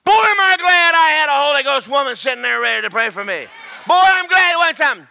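A high-voiced man preaches a sermon. His tone is very bright and gravelly. He drops to low murmurs, then rises to shouts. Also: animated, quick pace. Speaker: pastor.

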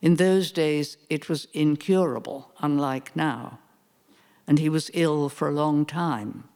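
Older woman, unhurried reader, measured storytelling voice for a prepared museum talk. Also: deep voice, darkish tone. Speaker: speaker giving a museum talk. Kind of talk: prepared family-history talk read aloud.

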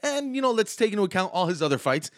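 Male comedian-host, young adult, slight lisp, mocking riffing delivery, lively pitch, dry close sound. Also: fast talker, no echo. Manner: animated, sarcastic and mocking. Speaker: podcast host and stand-up comedian. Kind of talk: comedic sports rant.

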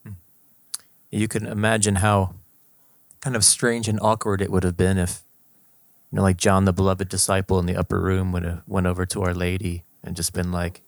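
A man with a low, deep voice speaks slowly and thoughtfully in a casual faith conversation. The sound is close and dry, with no room echo. He pauses and restarts as he searches for the right words. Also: monotone. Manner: reflective, unhurried, searching for words.

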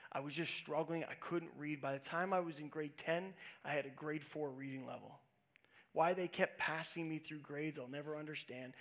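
Gravelly, slightly high middle-aged male pastor; earnest sermon, hushed to emphatic. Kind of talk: sermon with personal story.

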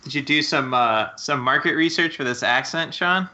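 A man's voice: a little high, sharp tone, lo-fi sound. A man playing in a tabletop game, joking and chatting casually. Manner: joking, quick to laugh. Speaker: player.

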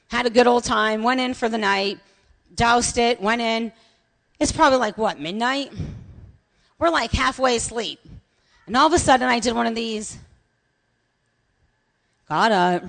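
High-voiced woman preaching in a reverberant hall. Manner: lively storytelling, shouts at the peaks. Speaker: pastor. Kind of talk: sermon. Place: church sanctuary. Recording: long reverb of a large hall.

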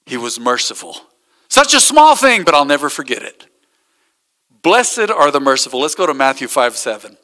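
A man's voice: medium pitch, huge pitch swings, fairly quick, bright, forceful tone, big-room sound. A man, a pastor, preaching a sermon and telling stories with acted-out quotes. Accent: American.

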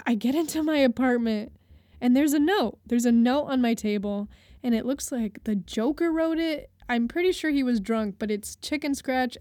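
Animated young woman telling a story. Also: on the high side. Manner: animated, acts out quoted voices, laughs through the telling. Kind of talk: casual personal storytelling.

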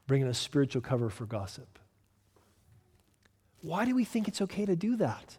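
A male pastor preaching a sermon with emphatic delivery, swinging from loud urgent lines to hushed ones. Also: on the high side, sing-song, moderate pace, slightly rough, big-room sound.

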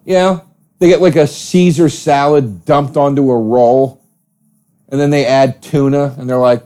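A man from South Jersey hosting a podcast, ranting profanely in a casual comedic monologue, swinging from loud outbursts to low muttering. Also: fairly even intonation, unhurried. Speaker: podcast host.

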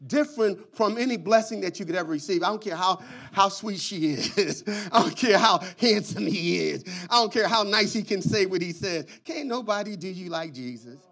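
Male preacher, high and very lively pitch, call-and-response delivery, drawn-out emphasis. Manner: drawn-out emphasis on key words. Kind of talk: sermon.

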